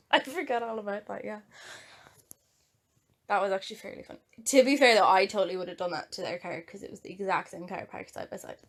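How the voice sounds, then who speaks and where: A woman's voice: medium pitch, a little fast, long pauses. A young adult woman with an Irish accent, co-hosting a podcast and telling stories in casual chat, laughing often. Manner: laughing, animated storytelling. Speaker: podcast co-host.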